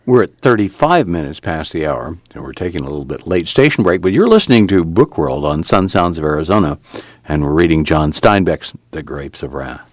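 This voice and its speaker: A man's voice: rumbling low, no room sound. A man reading a novel aloud and making station announcements on a radio book program. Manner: measured, expressive storytelling. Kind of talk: scripted narration.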